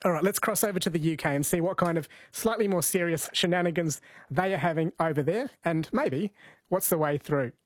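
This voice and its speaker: A man's voice: a little high, a little fast, no echo. Upbeat man hosting radio. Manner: upbeat, playful, teasing. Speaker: radio host. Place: radio studio.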